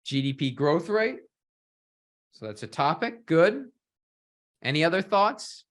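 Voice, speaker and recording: A man runs an online workshop, quizzing his audience and often ending sentences with "right?". His voice is a little high and fairly bright, very animated, at a measured pace.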